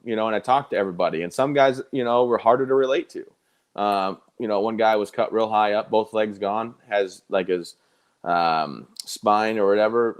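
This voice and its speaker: A man who is a guest in a live interview, telling his stories in an animated, conversational way with quoted dialogue. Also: fairly low pitch. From United States.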